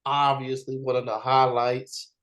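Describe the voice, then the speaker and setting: A man's voice: medium pitch, level tone, a bit bright, low-quality recording. Easygoing American man hosting a chat. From United States. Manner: easygoing, drawn-out fillers, chuckles. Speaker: host. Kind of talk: casual interview chat.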